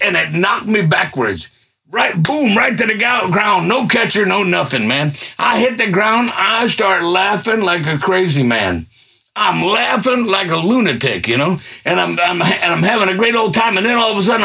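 Gravelly, high-voiced middle-aged man testifying. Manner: colloquial, excitable, swells into fervent near-shouting. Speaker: guest giving a testimony. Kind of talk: personal faith testimony, storytelling.

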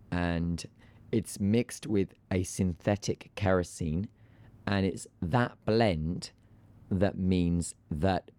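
Podcast co-host, man, very low, mellow voice, dry sound, animated delivery. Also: no echo. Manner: animated, ranting. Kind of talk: casual chat about aviation news.

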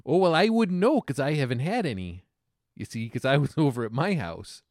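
A man's voice: fairly high pitch, big pitch swings, a little fast, a little mellow, no echo, clean studio sound, pitched above the performer's own voice. A man playing a genial old-fashioned townsman. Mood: musing. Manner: quaint, homely turns of phrase. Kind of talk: tabletop role-play in character.

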